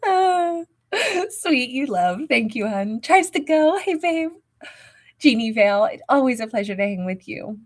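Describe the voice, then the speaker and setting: A woman's voice: on the high side, animated, moderate pace. A woman hosting a livestream tarot reading, talking in a peppy, emphatic way and greeting viewers with endearments. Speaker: tarot reader and livestream host.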